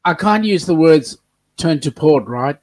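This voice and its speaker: A man's voice: on the high side, lively intonation, unhurried, a little mellow, no echo. A man with an Australian accent in casual chat, teasing the others with dry jokes. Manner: joking, teasing banter.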